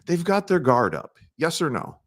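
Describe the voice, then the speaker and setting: A middle-aged man teaching a sales training, asking his audience questions and acting out soft-spoken sales lines. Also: a little high, very animated, normal speed.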